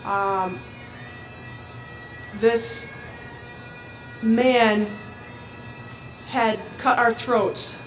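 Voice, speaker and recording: A woman gives personal testimony in a slow, halting way, her pitch held level and a little high. Music plays clearly underneath her voice. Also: fairly even intonation, poor audio. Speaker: survivor giving testimony.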